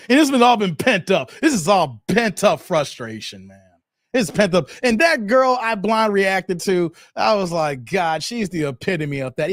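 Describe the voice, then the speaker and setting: Animated high-voiced man ranting on a stream. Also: dry recording, clean studio sound. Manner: animated, swings between shouting and muttering, reads chat aloud. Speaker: live-stream host. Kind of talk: ranting live-stream commentary.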